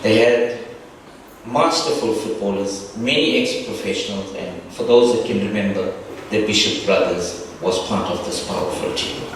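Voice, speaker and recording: A man's voice: on the low side, moderate pace, a little hiss or hum. A middle-aged man giving a reflective, humorous spoken tribute at a reunion. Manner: reflective storytelling with warm humor. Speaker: speaker at a reunion. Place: large echoey hall. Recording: distant, echoey hall recording with faint ambience.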